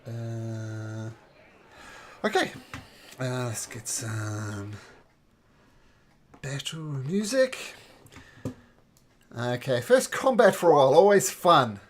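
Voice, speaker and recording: Lively man running a tabletop game. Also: medium pitch, slight background noise. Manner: halting, with many fillers and restarts. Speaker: game master.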